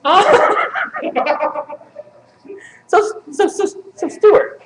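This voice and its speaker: A woman's voice: extremely high pitch, extremely slow. A woman doing a crude, joking, profane live poetry reading with banter at a coffee shop venue. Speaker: performance poet. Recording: echoey room, noisy live stream.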